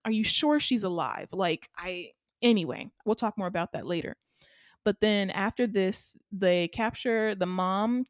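A woman's voice: mid-range voice, dry recording. Chatty woman recapping a film, dry sound. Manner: animated, rambling, lots of fillers. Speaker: podcast co-host. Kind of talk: casual chat recapping a film.

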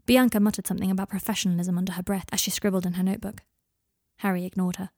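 A woman narrating an audiobook of fan fiction with even, intimate storytelling. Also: mid-range voice, rapid-fire, no room sound, studio quality.

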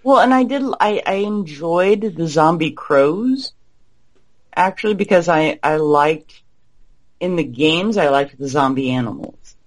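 A man's voice: a little high, lively intonation. A man co-hosting a podcast, giving blunt, opinionated takes on a movie. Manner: opinionated, blunt, quick to judge. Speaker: podcast co-host. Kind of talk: casual film discussion.

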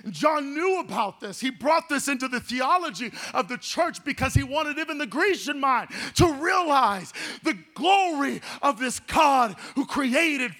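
High-pitched guy pastor preaching hard, shouty and singsongy at times. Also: animated, measured pace. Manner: impassioned preaching, swells into shouts and sing-song cadences. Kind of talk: sermon.

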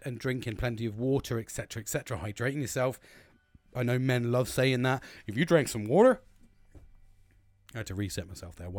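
A British man speaks in a plain, mid-range voice, cursing freely as he rambles through a candid personal monologue. His delivery turns forceful and preachy when he hands out advice, and the recording is dry and close. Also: mid-range voice, no echo. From United Kingdom. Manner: blunt, sweary and rambling, with frequent restarts; gets emphatic and preachy when giving advice. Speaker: vlogger.

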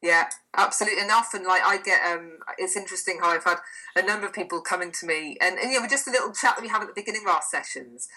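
A woman's voice: lowish voice, fast talker, pushed and bright, poor audio. A woman, a therapist, speaking as a guest in a podcast interview, enthusiastic and emphatic as she retells sessions with clients. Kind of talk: conversational interview.

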